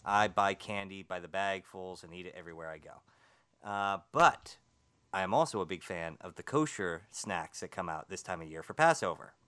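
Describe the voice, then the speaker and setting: A man with a low, smooth and resonant voice, co-hosting a paranormal talk radio show. He chats casually and rambles a little, now and then stumbling over his words. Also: moderate pace, bright, forceful tone.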